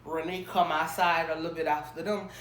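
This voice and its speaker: A young woman casually telling a storytime, animated and acting out the people she quotes. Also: sits low, brisk, roomy sound. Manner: animated, acts out quoted people in raised voices. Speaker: storytime vlogger.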